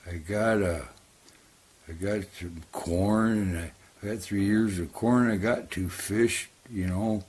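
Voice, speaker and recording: Guy doing a dim trusting raccoon, higher and louder than his own voice, unsure and polite. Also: fairly even intonation, takes it slowly, husky. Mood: eager, hesitant. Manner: hesitant, worried, polite. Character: slow-witted trusting male raccoon.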